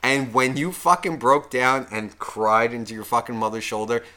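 A man co-hosting a podcast, telling a wedding story in a profane, animated way with loud outbursts. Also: mid-range voice, moderate pace. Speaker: podcast co-host. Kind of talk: casual chat.

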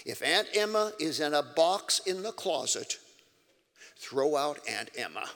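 A man preaching to an audience in an emphatic way, breaking into sudden loud, high outbursts. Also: sing-song, unhurried, vocal fry. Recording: long reverb of a large hall.

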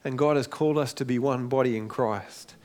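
A man's voice: medium pitch, brisk, darkish tone. A middle-aged man, preaching a sermon in a conversational way and acting out the quotes. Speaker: pastor.

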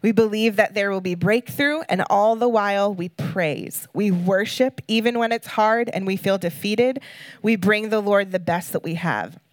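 A woman's voice: mid-range voice, normal speed, no echo. A woman guest speaker giving an earnest, emotional sermon, reading scripture and talking casually with fillers.

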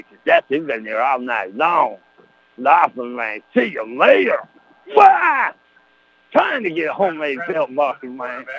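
A man as guest commentator on a football radio broadcast, slangy and hyped, ending lines with "man" and "baby" and shouting the touchdown calls. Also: mid-range voice, poor audio.

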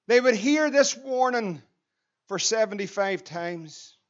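A Northern Irish man preaching an evangelistic sermon with passion, dropping to a hush and then building to loud emphasis. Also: sits high, expressive, takes it slowly. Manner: impassioned, swinging between hushed and loud emphasis. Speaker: pastor. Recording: dull lo-fi church recording.

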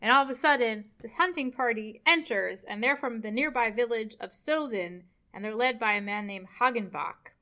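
A woman with a fairly high, bright voice tells a story in a relaxed, chatty way. She laughs easily between lines. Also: moderate pace, hardly any pauses. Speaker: podcast host retelling an opera plot. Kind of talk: casual chat.

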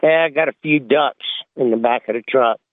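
A man on a phone line voicing a sly country hunter who answers plainly and deadpan. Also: mid-range voice, fairly quick, no echo, lightly acted.

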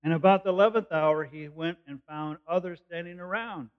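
A man's voice: fairly high pitch, normal speed, clear, resonant tone. A man preaching a sermon, explaining a passage verse by verse in plain, conversational words. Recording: dull lo-fi recording.

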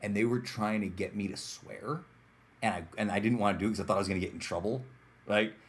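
A man hosting a casual podcast chat, telling stories with lively acted-out quotes. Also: on the low side, fast talker. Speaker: podcast host.

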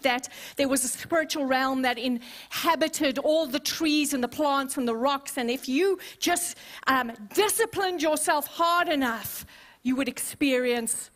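A woman pastor preaching a sermon, expressive and playful, with humorous asides to the congregation. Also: high voice, a little slow. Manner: expressive, acts out scenes.

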